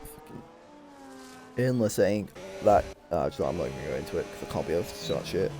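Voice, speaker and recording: A young man giving excitable, sweary live commentary on a sim race while bantering with his chat. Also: deep voice, quick pace, soft background music.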